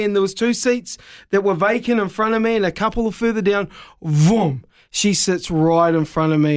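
High-voiced man. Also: moderate pace, clean tone. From New Zealand. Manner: lively, self-deprecating, dramatic. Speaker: evangelist guest. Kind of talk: animated storytelling on radio.

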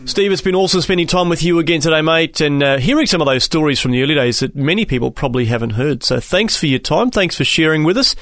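A man hosting an interview, asking questions and wrapping up in a brisk, friendly way. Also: on the high side, expressive, fairly bright tone, no echo, clean studio sound.

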